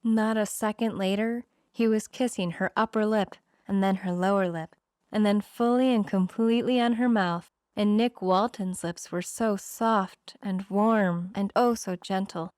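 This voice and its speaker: Smooth-voiced woman narrating a romance. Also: medium pitch, steady tone, a little slow, a little mellow, no echo, clean studio sound.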